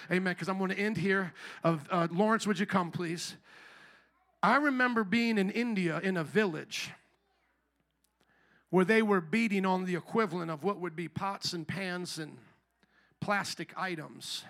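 High, bright-voiced preaching man. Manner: impassioned, swings between soft and shouted. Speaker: pastor. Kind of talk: sermon.

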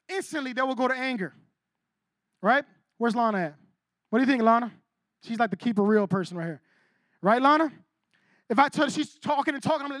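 High-pitched male pastor, casual sermon style, keeps checking in with the room, dry close sound. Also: brisk, fairly bright tone, dry recording. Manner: conversational, keeps asking "right?" and teases the congregation.

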